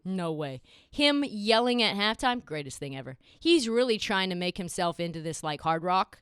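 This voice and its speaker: A young woman hosting a sports podcast, talking in a casual, sarcastic and animated way. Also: medium pitch, smooth, no echo, studio quality. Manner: animated, sarcastic, quick asides. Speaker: podcast host.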